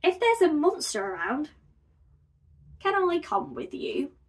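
A woman voicing a big, shy male bear who is scared of everything, speaking in a squeaky, nervous, meek way. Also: huge pitch swings, slow, heavily acted. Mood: timid.

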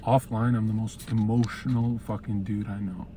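A male streamer talks from inside a parked car in a somewhat low voice. His chat with viewers is loose, crude and rambling, full of jokes. A faint hum of background noise sits under it. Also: level tone, moderate pace.

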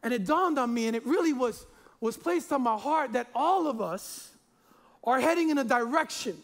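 Man in his forties, very high voice, pastor preaching in a loose, jokey, stumbling way. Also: expressive, moderate pace. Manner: chatty and jokey, with many repeated words and fillers. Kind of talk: sermon.

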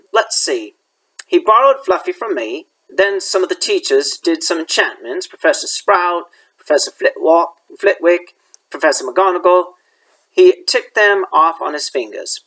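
A man reading as a gruff, proud groundskeeper. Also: high-pitched, sharp tone, full character voice, rough recording. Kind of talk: reading a chapter book aloud.

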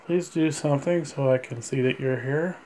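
A man with a middle-pitched voice holds a ghost-hunting session, calling out to spirits. He asks his questions slowly and patiently, almost pleading. Faint noise hangs behind him. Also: a little mellow, low-quality recording. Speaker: paranormal investigator.

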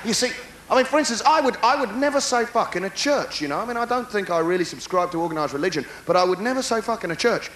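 High bright ranting stand-up comic. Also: male voice, slight background noise. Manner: rapid, ranting, animated delivery with shouted punchlines. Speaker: stand-up comedian. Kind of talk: live stand-up routine. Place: large concert hall with live audience. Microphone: stage microphone. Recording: roomy live hall recording with faint crowd.

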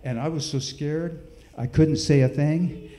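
A middle-aged man telling a folksy, animated story with sound effects during a church service. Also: fairly high pitch, measured pace, reverberant. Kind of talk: storytelling in a sermon. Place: church hall.

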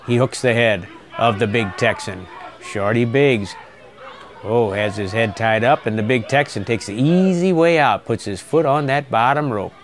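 A man's voice: mid-range voice, normal speed, some chatter behind. Folksy man calling wrestling. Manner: folksy, excitable calls. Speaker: wrestling commentator. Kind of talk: play-by-play commentary.

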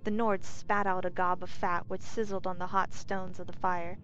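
A woman narrating a fantasy bedtime story in a calm, even storytelling manner. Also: lowish voice, moderate pace, hardly any pauses, a little hiss or hum. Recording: dull lo-fi recording, faint music.

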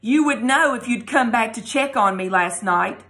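A woman's voice: high voice, lively intonation, a little slow, sharp tone, voice pushed up, exaggerated voice. A woman reading aloud, voicing a sulky teenage girl who answers curtly and spitefully. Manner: curt, spiteful.

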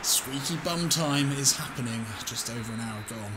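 A man commentating on his own football video game career, excitable, swinging between calm muttering and shouting, with laughs. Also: mid-range voice, normal speed, background noise. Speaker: gaming YouTuber.

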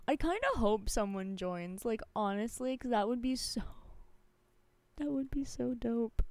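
A woman's voice: on the high side, measured pace, darkish tone, clear, resonant tone, dry recording. A woman streaming a survival game live, reacting dramatically to her chat with gasps, squeals and swearing. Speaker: Twitch streamer.

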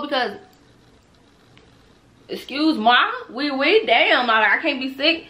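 A young woman telling a personal storytime on her channel in a casual, animated way, laughing, swearing freely and talking straight to her viewers. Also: sits high, slow, pauses often. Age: young adult. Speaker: storytime vlogger.

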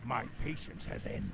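An actor voicing a menacing male demon lord in a video game, with a deep gravelly growl and slow, solemn pronouncements. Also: close to an everyday voice. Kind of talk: game unit voice lines. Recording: noisy game audio from a distance.

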